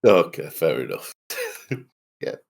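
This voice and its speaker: A man's voice: deep voice, wildly swooping pitch, slow, gravelly, slightly rough. A man co-hosting a podcast, chatting casually, rambling and laughing as he quizzes the others. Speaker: podcast co-host. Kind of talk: casual chat.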